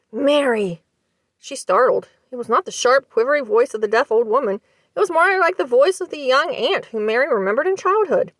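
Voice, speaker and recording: A woman reads a story aloud with a lively, expressive voice that sits a bit high. Her delivery is measured and the sound is close and dry. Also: no room sound. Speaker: library storyteller. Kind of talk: storybook narration. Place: library.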